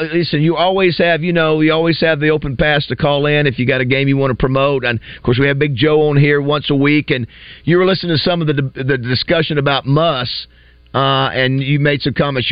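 A man's voice: mid-range voice, clear, resonant tone, no room sound. A man hosting a sports talk radio show from a studio, chatty, with many uhs and restarts. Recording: slightly dull dry studio audio.

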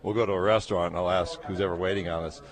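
Deep-voiced man with a Great Lakes accent. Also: steady tone, very fast. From New York State. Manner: anecdotal, storytelling with dry humor. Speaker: guest, conference commissioner. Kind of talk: radio interview chat. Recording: crowd chatter behind. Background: crowd chatter.

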